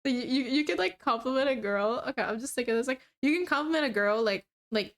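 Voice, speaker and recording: A woman in her twenties chats casually on a live stream while working on a cosplay, with a slightly high voice. She rambles through stories, full of fillers and little laughs. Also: fast, hardly any pauses. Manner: giggly, rambling storyteller with frequent laughs and fillers. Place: home room while crafting. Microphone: streaming setup.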